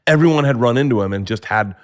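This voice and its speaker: A man in his forties, a comedian, telling stories in a casual interview, profane and animated, acting out what people said. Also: mid-range voice, fast talker. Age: 40s. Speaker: comedian guest. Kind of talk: casual storytelling chat.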